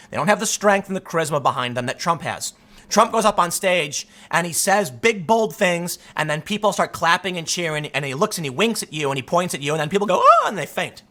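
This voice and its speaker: A man's voice: fairly high pitch, pushed and bright. A man hosting solo political commentary, talking emphatically and arguing his point. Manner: emphatic, argumentative, acts out quotes in other voices.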